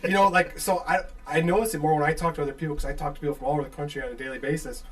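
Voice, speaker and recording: A young man from the Chicago suburbs with a Chicago accent, telling animated stories in casual chat and mimicking the voices he quotes. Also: a little high, rapid-fire. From Chicago suburbs, USA.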